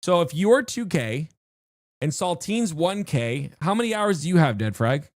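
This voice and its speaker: A live streamer chatting excitedly to viewers while playing, often restarting sentences mid-thought. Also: medium pitch, unhurried, dry recording, studio quality. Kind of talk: live-stream game reaction chat.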